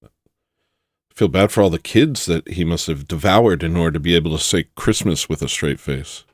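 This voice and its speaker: A man hosting satirical commentary, rambling and joking with loud sudden bursts. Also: deep voice, normal speed, no room sound, studio quality. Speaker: commentary host.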